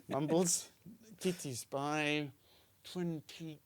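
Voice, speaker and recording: A man's voice: a little high, steady tone, very slow, no echo. A man with a South African accent co-hosting a comedy podcast, rambling and giggling as he talks. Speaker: podcast co-host. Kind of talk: casual comedy chat.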